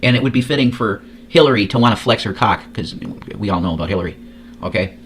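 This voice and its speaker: A lower-voiced man riffing through casual reaction commentary. He swears constantly and rambles, stumbling over repeated words. A faint noise sits under the recording. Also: fast talker. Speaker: host.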